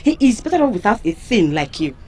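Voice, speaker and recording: A scornful village maiden. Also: female voice, a little high, big pitch swings, fast talker. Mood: taunting. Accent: Nigerian. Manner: mocking, confrontational, loud. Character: fiery young village maiden, sharp-tongued. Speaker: actor. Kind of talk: film drama acting.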